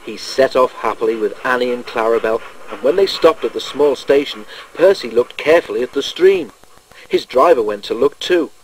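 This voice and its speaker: A man reading a children's railway storybook aloud in a measured, gentle storytelling manner. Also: mid-range voice, lively intonation, slight background noise, rough recording. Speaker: narrator.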